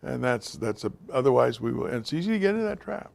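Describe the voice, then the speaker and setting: A man's voice: mid-range voice, sing-song, quick pace, vocal fry, a little mellow. A man giving an informal, direct talk to a class of men, speaking to them plainly as guys and fellas. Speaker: teacher of a men's class.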